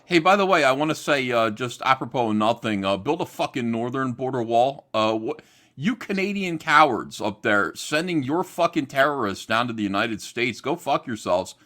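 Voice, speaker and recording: A man's voice: mid-range voice, expressive, normal speed, pushed and bright. A man from New Jersey, a guest on a panel show, talking bluntly and swearing in casual chat. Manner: blunt, profane, ranting.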